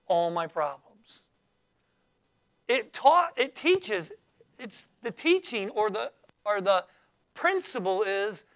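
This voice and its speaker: This sermon comes in a mid-range, fairly bright voice. The preacher reads scripture aloud, explains it, and prompts the congregation to answer back, though his speech is halting and peppered with fillers and false starts.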